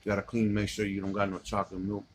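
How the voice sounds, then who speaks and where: A man vlogging a cereal mukbang, chatting in playful slang and dropping into low seductive asides to his bowl. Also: monotone, rapid-fire, a little hiss or hum. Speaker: vlogger eating cereal on camera. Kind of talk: casual mukbang vlog.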